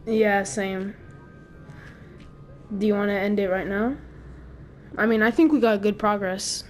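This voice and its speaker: A woman's voice: medium pitch, fairly even intonation, measured pace, a little hiss or hum. A young woman chatting casually while playing a game with a friend, playful and teasing, laughing often. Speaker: gamer. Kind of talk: casual gameplay chat.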